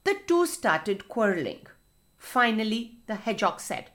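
Expressive woman reading to children. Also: on the high side, unhurried. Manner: expressive, addresses children directly. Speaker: children's storyteller. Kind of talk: storytelling to children.

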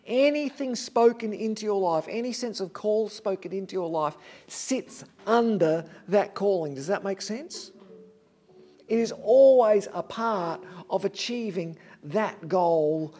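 A man with a high, light voice delivers a sermon. He preaches earnestly and with emphasis, leaning on repeated phrases to drive each point home. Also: dark tone.

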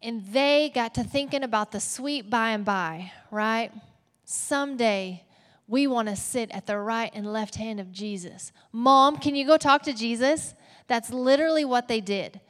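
A woman with a Texas accent preaching a sermon as a pastor, animated and playful with asides. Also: fairly high pitch, measured pace. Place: church auditorium. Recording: long hall reverb.

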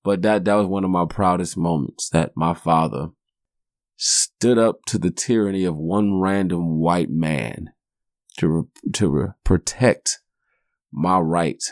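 A man's voice: low-pitched, animated, measured pace, dry recording, clean studio sound. A man in his forties hosting a podcast, telling rambling, profane stories in a laid-back way. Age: 40s. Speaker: podcast host. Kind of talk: casual storytelling monologue.

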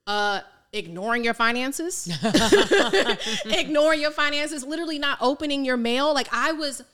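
A woman from Maryland with a high-pitched voice tells her story in a lively, candid way. Her tone is very bright and forward, full of slang, and she slips into the voices of the people she quotes. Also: a little slow. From Maryland, United States. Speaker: financial coach, guest.

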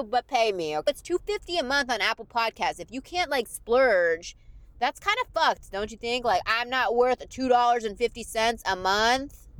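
A young woman comedian vents from behind the wheel of her car, sarcastic and full of swearing. Her voice sits at an ordinary middle pitch for a woman, and she talks in a loose, casual podcast style, recorded inside the car. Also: no echo. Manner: profane, sarcastic ranting. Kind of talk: ranting car vlog. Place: car in freeway traffic at night.

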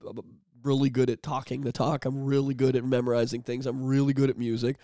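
A man co-hosting a podcast, talking candidly and swearing a lot, sometimes bursting into loud shouted bits. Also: mid-range voice, level tone, quick pace, no room sound, clean studio sound. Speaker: podcast co-host. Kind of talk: candid casual chat.

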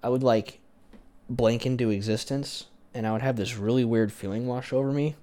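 A man's voice: medium pitch, steady tone, moderate pace, warm tone. A young man co-hosting a casual podcast chat, teasing and arguing with his co-host and swearing casually.

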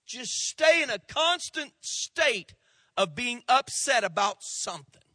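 A male pastor giving a sermon, telling humorous stories in an animated way. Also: very high-pitched, slow, dry recording.

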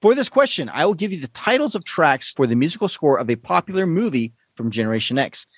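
A man hosting a casual podcast quiz, playful and quick to laugh. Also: fairly high pitch, breathy edge, no echo. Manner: playful, laughs often, lively delivery. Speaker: quiz show host.

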